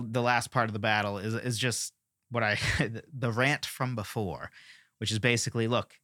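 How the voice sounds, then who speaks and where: Songwriting teacher, male, bright forceful voice, opinionated and ranty, dry close sound. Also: mid-range voice, no echo. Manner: opinionated, ranting, animated. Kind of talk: casual lesson on songwriting.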